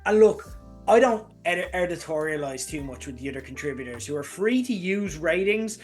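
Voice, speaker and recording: A man's voice: fairly high pitch, lively intonation, brisk, darkish tone. A male host delivering an emphatic, exasperated opinion rant, swearing for emphasis. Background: faint lo-fi background music.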